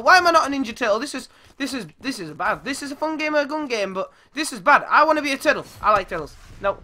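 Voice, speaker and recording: Young male gamer, high bright voice, swears and yelps, squeaky when excited. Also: fast, hardly any pauses. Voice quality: goes squeaky when yelling. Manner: excitable, shouts and swears at the game. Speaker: gaming YouTuber. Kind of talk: live gameplay commentary.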